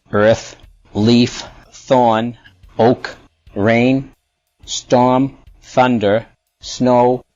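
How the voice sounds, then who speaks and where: A man with a Boston accent reading word lists and a short story, slowly and deliberately. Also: mid-range voice, darkish tone, no echo, highs cut off. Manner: slow, deliberate, one word at a time. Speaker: language sample speaker.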